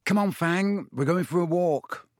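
A man voicing a brave young teenage boy wizard, urgent and hushed when afraid. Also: high voice, a little slow, no room sound, clean studio sound, pitched above the performer's own voice. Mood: cheerful.

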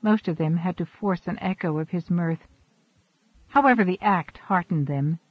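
A man narrating an audiobook in a steady, expressive storytelling manner. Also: high voice, normal speed, slightly rough, no echo. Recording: dull, dry recording.

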